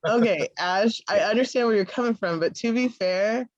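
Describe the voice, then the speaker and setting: A woman's voice: medium pitch, normal speed, lo-fi sound. A woman chatting on a podcast, telling stories easily and laughing, often trailing off. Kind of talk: casual group chat.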